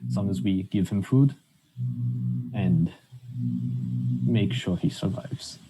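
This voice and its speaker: Slow-talking low-voiced man player. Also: very noisy. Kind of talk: in-character tabletop play.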